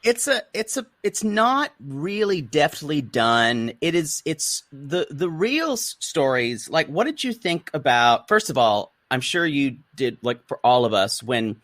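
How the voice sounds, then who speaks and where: A man's voice: fairly high pitch, unhurried, hardly any pauses, no room sound, studio quality. A man hosting a podcast in a gossipy, campy casual chat, often restarting his sentences. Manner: animated, campy and gossipy, repeats words when starting. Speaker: podcast host.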